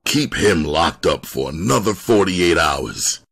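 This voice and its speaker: A hard-nosed police detective, voiced by a man reading aloud, drags out his words in menacing street slang. His voice is deep and husky, with lively swings of pitch. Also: slow pace, exaggerated voice.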